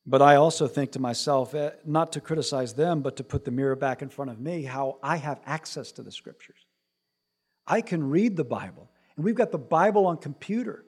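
Husky-voiced preacher delivering a sermon. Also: male voice, on the high side, fairly quick, a little mellow. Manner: preaching with rising emphatic cries, reading scripture aloud. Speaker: pastor.

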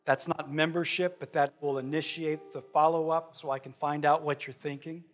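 Male pastor preaching in church, kinda high voice, earnest, drawls out the big words. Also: little pitch movement. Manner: earnest, conversational preaching with slow, drawn-out emphasis. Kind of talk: sermon. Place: church sanctuary.

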